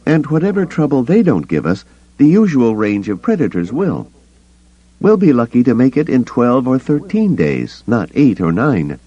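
A man's voice: medium pitch, sing-song, normal speed, mellow, breathy edge, no echo, pitched above the performer's own voice. Man as hard-edged female smuggler: growly, pessimistic, dry dull tape sound. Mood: grim. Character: tough sharp-tongued woman smuggler, grim and blunt.

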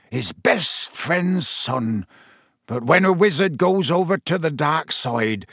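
A man voicing a huge, hot-tempered male groundskeeper in a storybook reading, gruff and growling. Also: fairly high pitch, a bit bright, no echo, clean studio sound, heavily acted. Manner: gruff, growling, slow delivery.

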